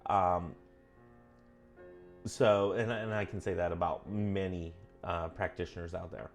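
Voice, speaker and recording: A man casually talking through a witchcraft book on his vlog, earnest and self-correcting, often drifting onto tangents, his pitch jumping up when he gets emphatic. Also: fairly even intonation, unhurried, soft background music. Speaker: vlogger reading and commenting on a witchcraft book. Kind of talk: casual rambling vlog commentary.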